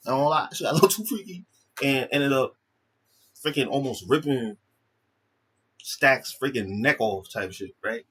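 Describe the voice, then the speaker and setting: A man's voice: medium pitch, moderate pace, pauses often, fairly bright tone, husky. A man casually retelling a film's plot, loose and slang-heavy, swearing freely and often repeating himself and restarting his sentences. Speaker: vlogger. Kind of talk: casual storytelling, recapping a film.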